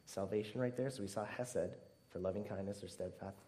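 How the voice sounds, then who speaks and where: A man preaching a sermon earnestly, swinging between emphatic stress and hushed, tearful softness. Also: lowish voice, brisk. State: near tears at times.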